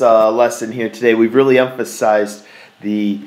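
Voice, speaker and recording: A man's voice: fairly low pitch, little pitch movement, normal speed, a little mellow, a little hiss or hum. A man teaching a math lesson in a folksy way, repeating key words for emphasis. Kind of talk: classroom lecture.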